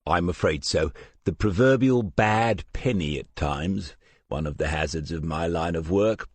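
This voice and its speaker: A man's voice: deep voice, unhurried, dry recording. A man reading the part of a polite, dogged police sergeant who speaks in a dry, understated way, in an audiobook.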